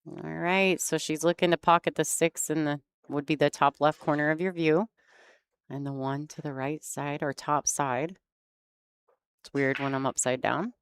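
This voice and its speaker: A woman's voice: deep voice, fairly even intonation, normal speed, smooth, dry recording. A woman commentating a pool match in a chatty way, laughing easily and explaining the play. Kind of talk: sports commentary.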